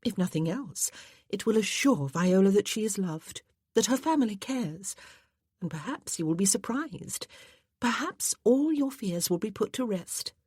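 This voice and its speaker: A woman voicing a gentle, coaxing young wife. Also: medium pitch, lively intonation, unhurried, husky, no room sound, clean studio sound, pitched above the performer's own voice.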